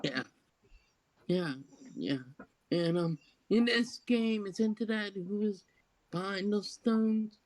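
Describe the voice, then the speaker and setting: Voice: mid-range voice, slow, long pauses. A co-host in a casual gaming chat, easygoing and agreeable, adding bits of trivia. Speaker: podcast co-host.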